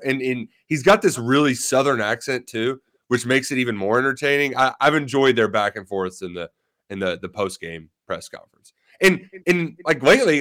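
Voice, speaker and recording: A man co-hosting a sports talk show as a beat reporter, rambling with many fillers. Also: mid-range voice. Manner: rambling, many fillers, animated when retelling exchanges.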